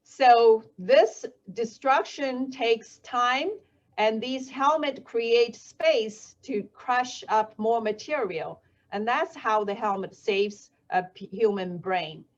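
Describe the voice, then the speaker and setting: A woman with a Chinese first language, a helmet safety researcher, explaining things slowly and carefully, with frequent fillers and self-corrections. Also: fairly high pitch. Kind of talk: explanatory talk. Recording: dull lo-fi audio.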